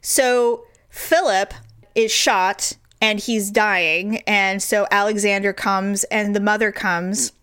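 A middle-aged woman chatting on a podcast, telling a lively story and jumping high when she quotes people. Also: slow pace, clean tone. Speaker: podcast co-host. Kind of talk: casual chat.

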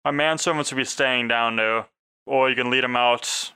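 A man's voice: medium pitch, steady tone, normal speed, pushed and bright, smooth. A man playing a tabletop game, speaking in character as a confident, haughty noble. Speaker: player.

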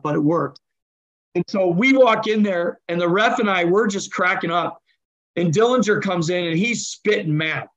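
A man, a hockey coach and general manager, telling stories as a guest in an interview and lively acting out the people in them. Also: high-pitched, dull audio. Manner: animated, acts out voices while telling stories. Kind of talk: conversational interview storytelling.

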